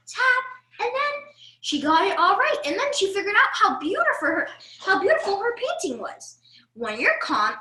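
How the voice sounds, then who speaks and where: Bright, high storytime voice for kids, roomy echo. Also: female voice. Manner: animated, coaxing, talks straight to young kids. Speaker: children's storyteller. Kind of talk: reading a picture book to children.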